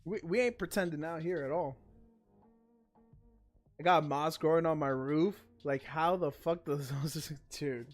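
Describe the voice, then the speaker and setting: A man's voice: on the high side, a little slow, faint music behind. A male livestream host in a casual chat, ranting emphatically and swearing freely.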